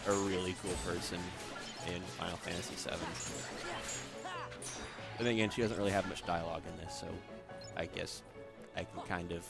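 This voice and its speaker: A man's voice: deep voice, gravelly. A young man chatting and joking casually while playing a video game, laughing often. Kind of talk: casual gameplay commentary.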